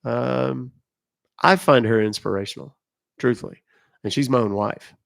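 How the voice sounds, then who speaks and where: A man's voice: medium pitch, normal speed, gravelly, fairly bright tone. A middle-aged man chatting casually on a live stream, rambling and joking as he reacts to viewer comments. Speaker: live streamer reading chat.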